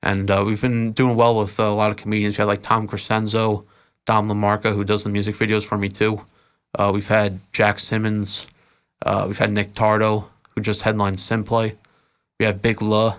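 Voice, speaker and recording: A young adult man speaks in a slightly low voice, chatting casually as a guest on a podcast. He tells long stories at an easy pace, full of "uh"s and small restarts, loose and unhurried. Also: smooth. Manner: relaxed, rambling, many "uh" fillers. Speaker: podcast guest, event organizer and rapper. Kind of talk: casual interview storytelling.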